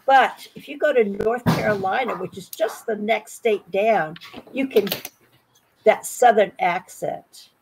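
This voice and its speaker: A woman's voice: medium pitch, a little slow, background noise. A woman in her sixties from Virginia, with an American accent, chatting as an English tutor on a video call and often repeating words as she starts. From Virginia, United States. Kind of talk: casual conversation lesson.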